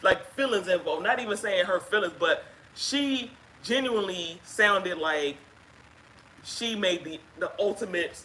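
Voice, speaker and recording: A woman casually telling a personal story on a live stream, chatty and halting with fillers, acting out what others said. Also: mid-range voice, pushed and bright, slight background noise, low-quality recording. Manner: chatty, halting with fillers, acts out quoted speech. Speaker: guest sharing her story.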